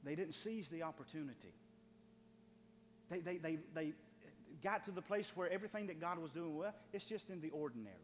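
A man preaching a sermon in a church, building from quiet to loud and fervent. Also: a little high, expressive, a little fast, big-room sound, slight background noise.

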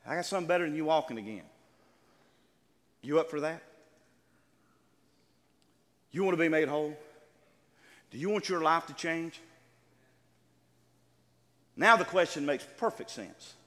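Animated male preacher, slightly high voice, big hall reverb. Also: measured pace, long pauses. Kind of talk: sermon. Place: church sanctuary. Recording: long reverb of a large hall.

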